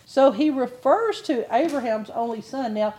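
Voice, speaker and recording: An older woman giving a sermon-style Bible teaching, telling a personal testimony with animated storytelling and frequent laughter. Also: sits high, normal speed.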